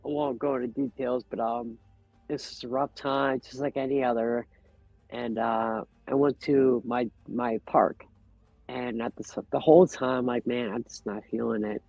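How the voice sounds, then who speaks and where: A man's voice: mid-range voice, fairly even intonation, normal speed, vocal fry, darkish tone, no room sound, soft background music. Earnest reflective man, lo-fi sound. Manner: earnest, reflective, open about feelings. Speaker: podcast guest. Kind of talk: casual conversation. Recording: dull, lo-fi podcast audio.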